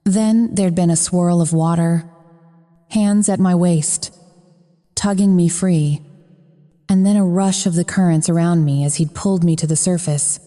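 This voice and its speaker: Female audiobook narrator, low-pitched, intimate first-person delivery; lingering reverb on the recording. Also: fairly even intonation, a little slow, warm tone.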